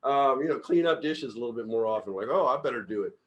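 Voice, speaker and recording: A middle-aged man leading a casual group book discussion as company CEO, telling stories with lots of laughter and loudly acting out quotes. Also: mid-range voice, fast. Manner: animated storyteller, laughs often, acts out quotes loudly.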